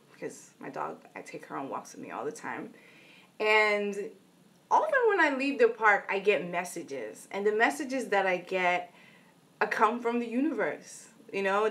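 A woman's voice: mid-range voice, a bit bright. Earnest woman telling a motivational story. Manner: earnest, storytelling, repeated "right?" asides. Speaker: inspirational vlogger. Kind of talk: motivational talk to camera.

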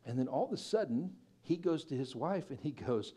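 A man preaching a sermon as pastor, telling a story with lively acted-out quotes and loud peaks. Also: on the high side, a little fast, breathy edge. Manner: animated storyteller, acting out quoted voices and building to loud peaks. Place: church.

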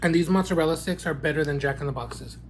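With a noisy background, a man with a fairly high voice reviews fast food on his mukbang eating vlog. The food vlogger talks sassily and playfully, drawing out each bite with plenty of mms and wows.

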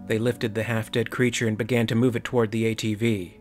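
Soft background music plays as a man reads sci-fi fan fiction in audiobook style, his fairly low voice delivered flatly, a little fast, with few pauses. Even so, he tells it dramatically and voices each character.

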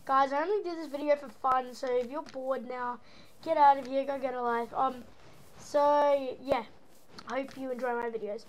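This high-pitched, steady-toned woman talks at a moderate pace; the audio is poor with slight background noise. She's an Australian gaming host faking an American accent, rambling playfully over gameplay and making goofy noises.

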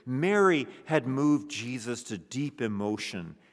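A pastor preaches a funeral sermon in a church whose long reverb trails every phrase. His delivery is slow and measured, and his pitch rises and falls widely as he moves between emphatic lines and a hushed near-whisper. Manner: expressive preaching, drops to a hushed near-whisper on solemn words. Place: church sanctuary.

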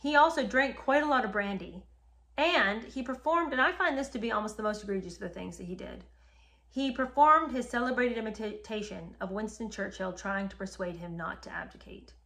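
A woman's voice: medium pitch, fairly quick, fairly bright tone. A woman casually retelling a history story to the camera, speaking straight to her viewers in an indignant, emphatic way. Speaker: history commentator.

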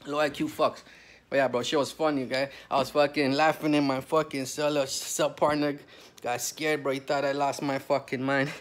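Profane, ranting man telling a story. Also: fairly high pitch. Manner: crude, heated, peppered with "bro". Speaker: vlogger telling a prison story.

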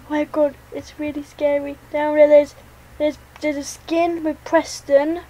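A woman's voice: sits high, level tone, a little slow, warm tone, dull audio. A woman giving jittery, talk-to-herself commentary as she plays a game. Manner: jittery, talks to herself while playing. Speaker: gaming channel host. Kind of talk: let's play commentary.

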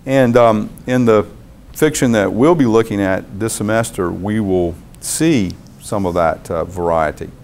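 Professor, male, lowish voice, measured lecturing pace with thoughtful pauses. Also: a little mellow. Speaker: university professor. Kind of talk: university lecture.

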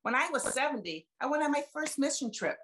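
A woman's voice: high voice, animated, brisk, fairly bright tone, a little hiss or hum. A woman in her seventies sharing a personal faith testimony over a video call, chatty and folksy, retelling conversations with emphasis. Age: 70s. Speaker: guest speaker sharing testimony.

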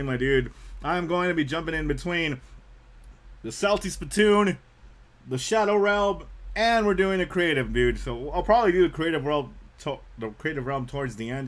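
A young man chats through his gameplay stream in a lively, bouncing voice that swings from low mumbles to high yelps. His tone is bright and forward, and he tacks "man" onto half his sentences in an easygoing drawl. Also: fast. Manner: laid-back, says "man" a lot, bursts into loud yelps. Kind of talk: casual live-stream gameplay chat.

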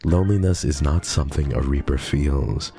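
A man's voice: extremely low pitch, moderate pace, mellow, soft background music. A man voicing a haughty male Grim Reaper who taunts a mortal in a mocking, theatrical way.

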